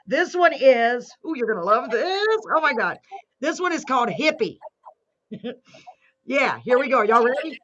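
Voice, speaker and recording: A woman hosting a live show, excitable and bubbly, talking fast. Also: high-pitched, dull audio. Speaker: host.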